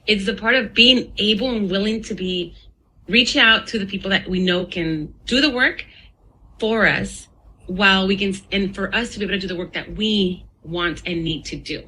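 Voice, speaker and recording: A woman hosting a podcast, animated and encouraging, laughing easily and mixing in Spanish words. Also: mid-range voice, normal speed, breathy edge, rough recording. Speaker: podcast host. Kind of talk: casual interview chat.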